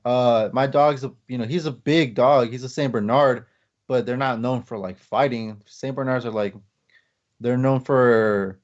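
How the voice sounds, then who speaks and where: A man's voice: medium pitch, fairly even intonation, unhurried. A man hosting a podcast, telling a long story in casual chat, rambling with lots of fillers. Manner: rambling, many fillers, acts out quotes. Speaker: podcast host. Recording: slightly dull lo-fi podcast audio.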